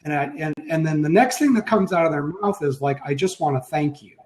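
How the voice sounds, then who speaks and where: A man's voice: a little high, brisk, a little mellow. A man co-hosting a marketing webinar, talking in an easygoing way with small restarts. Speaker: webinar co-host. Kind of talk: casual webinar talk. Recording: roomy echo.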